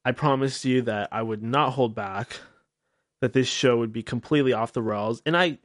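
Brief: male podcast host, mid-pitched voice, candid and profane, self-mocking rambles, dry close recording. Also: moderate pace, no echo. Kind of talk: casual solo talk-show monologue.

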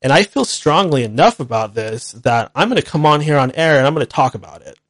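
A male talk-show host speaking straight into a studio microphone, voice dry and close with no room around it. His pitch sits in an ordinary middle range. He talks bluntly and repeats himself, moving between earnest apology and heated ranting. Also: expressive, fairly quick, no room sound. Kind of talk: solo call-in show monologue.

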